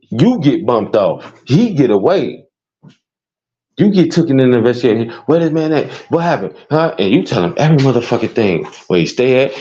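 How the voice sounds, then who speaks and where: A man with a Chicago accent ranting in profane, animated commentary, his voice jumping into high squeals. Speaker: commentary streamer. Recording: dull lo-fi sound.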